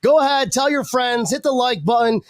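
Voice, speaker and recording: A man hosting a live sports fan show, hyped and energetic, with quick restarts. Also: very high-pitched, no echo, clean studio sound. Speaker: host.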